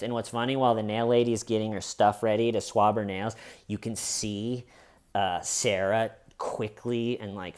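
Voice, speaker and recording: A man's voice: medium pitch, clean tone. A man casually retelling an interrogation, putting on the voices of the people he quotes. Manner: animated storyteller, mimics the people he quotes. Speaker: true crime commentator.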